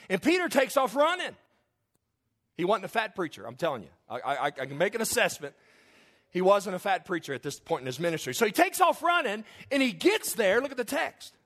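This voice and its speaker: A man preaching a sermon in a lively, conversational way, with humorous asides and acting out the figures in the story. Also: high voice, fairly quick.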